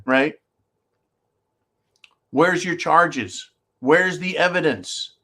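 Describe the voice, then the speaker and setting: A man's voice: fairly high pitch, slow, long pauses, sharp tone. Sarcastic, combative male show host. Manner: sarcastic, combative, talks straight to viewers. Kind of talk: opinionated commentary.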